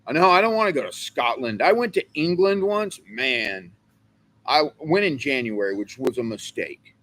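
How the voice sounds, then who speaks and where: Rambling jokey co-host, a man from California, pitched a bit high and very animated. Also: normal speed. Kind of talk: casual livestream chat.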